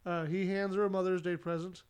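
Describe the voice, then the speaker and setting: A man's voice: sits high, little pitch movement, a little fast, clean tone. A man casually recapping a sitcom episode for a podcast, narrating the plot with lots of "uh" fillers.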